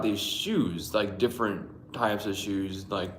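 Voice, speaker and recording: A man's voice: on the low side, fairly even intonation, takes it slowly, a bit bright, reverberant. Rambling, profane man telling dreams. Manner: rambling, profane, laughs often, greets viewers. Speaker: livestream host reading dreams. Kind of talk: casual livestream dream storytelling. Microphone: Bluetooth mic.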